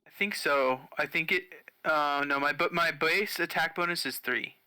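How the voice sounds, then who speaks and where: A man playing a tabletop game, relaxed and easygoing, laughing easily. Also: on the high side, normal speed, clean tone, dry recording. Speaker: player. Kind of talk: casual chat at a tabletop game.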